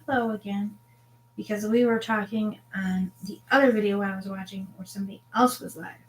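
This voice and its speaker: A woman's voice: medium pitch, steady tone, fairly quick. A woman hosting a tarot livestream from home, chatting casually and rambling to her viewers.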